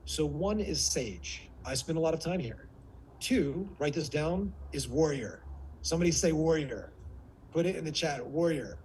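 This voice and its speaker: A man with a slightly high voice coaches his audience in a live online workshop. He moves between sharp, quick counting and slow, hushed delivery to demonstrate tone. A faint hum of room ambience sits behind him. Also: animated, poor audio. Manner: shifts vocal tones to demonstrate, drops to near whisper. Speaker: speaking coach.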